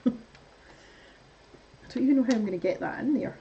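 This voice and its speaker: A woman's voice: fairly high pitch, expressive, normal speed, vocal fry, darkish tone, muffled recording, a little hiss or hum. A woman hosting a casual live stream, chatting to her viewers as she builds, laughing often and muttering to herself. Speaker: livestream host.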